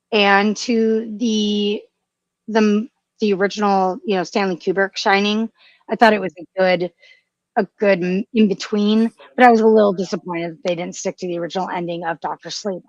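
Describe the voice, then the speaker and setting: A woman's voice: mid-range voice, dry recording. A woman co-hosting a casual podcast chat, gushing and emotional, with frequent restarts and fillers. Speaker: podcast co-host.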